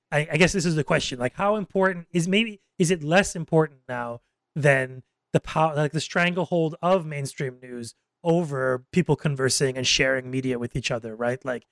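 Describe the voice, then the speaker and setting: Man, podcast host, slightly high voice, dry close sound, talks in halting searching bits. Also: a bit bright, no echo. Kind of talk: casual interview questions.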